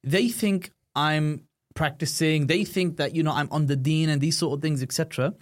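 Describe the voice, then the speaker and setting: A man's voice: a little high, normal speed. Chatty British man telling his story. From United Kingdom. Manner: chatty, frequent "you know" and "right?" asides. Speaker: guest. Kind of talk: personal storytelling in conversation.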